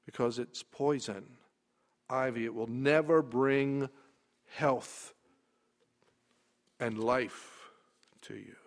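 A man preaching a sermon, emphatic, dropping quiet and then rising loud. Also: medium pitch, extremely slow, long pauses.

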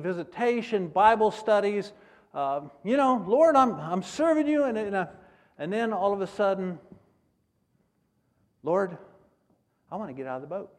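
Animated middle-aged missionary preacher, man. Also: high-pitched. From United States. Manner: animated preaching, acts out prayers and rising to loud exclaims. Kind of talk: sermon.

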